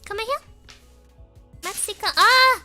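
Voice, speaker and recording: A woman's voice: very high-pitched, measured pace, sharp tone, faint music behind. A young woman chatting casually on a stream, giggling often and coaxing her dog.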